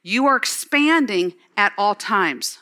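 A woman pastor giving an excited, exclamatory sermon, later leading the congregation in prayer. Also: medium pitch, slow. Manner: ends in spoken prayer.

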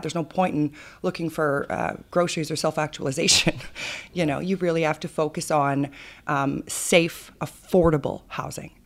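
A woman in her thirties with a Canadian accent, the founder of a charity, telling her story earnestly and with feeling in a podcast interview. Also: low-pitched. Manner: earnest, animated storyteller with fillers.

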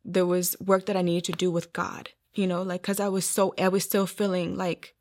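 A woman's voice: on the low side, flat delivery, normal speed, a little mellow. A young adult woman telling her personal testimony in an interview, earnest, acting out what others said. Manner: earnest storytelling, acting out quoted voices. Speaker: guest sharing her testimony.

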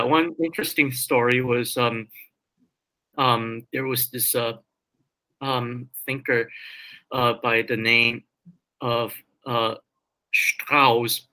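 A man speaking as an interviewed scholar, in no hurry at all and with a clear, bright edge to his voice. He hesitates often, filling pauses with ums and repeating words as he searches for his phrasing. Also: medium pitch, rough recording. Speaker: guest scholar. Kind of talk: interview discussion.

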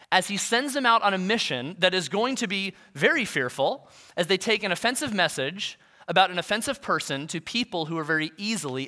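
A young man preaches a sermon, telling stories about himself with easy, self-deprecating humor. His voice sits high and sounds bright and forward. He talks like he is chatting with the congregation. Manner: conversational storytelling, self-deprecating. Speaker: pastor.

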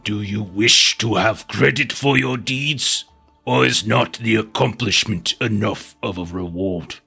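A man voicing a stern old male village elder with a put-on Nordic-style accent, speaking slowly and gravelly. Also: fairly low pitch, sharp tone, faint music behind, exaggerated voice. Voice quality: gravelly, slow and measured. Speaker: game master voicing a character.

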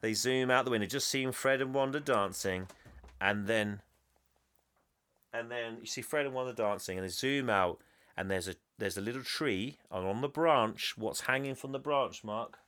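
Bright-voiced man recapping a film. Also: medium pitch, normal speed. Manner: rambling, animated retelling. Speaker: podcast co-host. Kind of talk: casual film recap chat.

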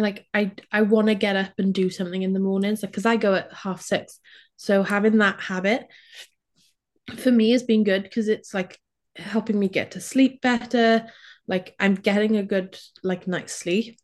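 A woman's voice: mid-range voice, fairly even intonation, measured pace, a little mellow. A woman taking part in a group session, talking casually and hesitantly with many fillers. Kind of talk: casual chat.

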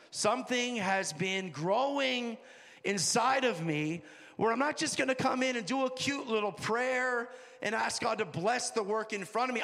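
Gravelly-voiced, high-pitched preacher in a hall. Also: male voice. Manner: energetic, joking, shifts between quiet asides and shouted exhortation. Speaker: pastor. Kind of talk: sermon. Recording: preached in a large reverberant hall.

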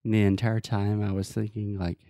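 A man's voice: lowish voice, level tone, fairly quick, warm tone, no echo, clean studio sound. A man co-hosting a podcast as an English teacher, patiently explaining words and drilling pronunciation in casual chat.

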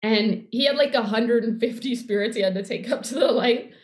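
A middle-aged woman in casual conversation, rambling and warm, with many fillers. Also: a little high, a little fast. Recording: echoey room.

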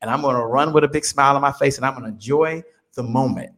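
A man's voice: medium pitch, quick pace. Fifties guy giving a pep talk style interview answer, tells stories, stumbles over repeated words. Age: 50s. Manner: animated storyteller, repeats words when excited. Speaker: business guest.

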